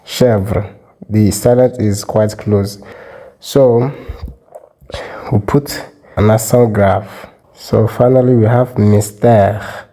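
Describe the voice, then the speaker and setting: A man teaching French spelling rules, explaining step by step and repeating example words slowly. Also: on the low side, steady tone, warm tone, poor audio. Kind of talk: explanatory lesson.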